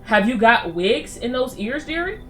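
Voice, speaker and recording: A woman's voice: on the high side, big pitch swings, moderate pace, fairly bright tone, faint music behind. A woman voicing a weary, sweet but pushy old woman visitor who keeps calling people dearie. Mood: coaxing. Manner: calls everyone dearie, chatty and coaxing.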